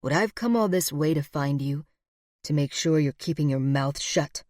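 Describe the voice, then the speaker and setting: A woman voicing a manipulative, smooth-talking villainous man in low, soft, menacing tones. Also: moderate pace, no echo, clean studio sound, natural voice. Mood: threatening.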